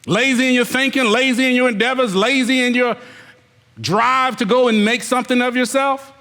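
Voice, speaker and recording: High, bright-voiced man preaching a sermon. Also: fairly even intonation, moderate pace, in a large hall. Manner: emphatic, repetitive, rhetorical questions to the congregation; mimics lazy excuses in put-on voices. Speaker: elder preaching.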